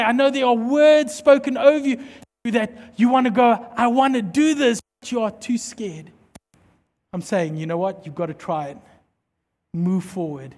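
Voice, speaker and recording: A pastor preaching a sermon with emphatic delivery that drops to soft, intense tones when he prays. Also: very high-pitched. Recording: hall reverb.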